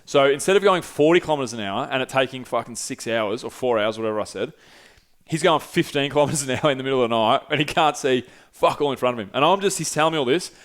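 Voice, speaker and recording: A man's voice: medium pitch, expressive, fast talker, fairly bright tone. A young man casually telling a travel story, laid-back and swearing freely as he acts out what people said. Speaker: podcast host.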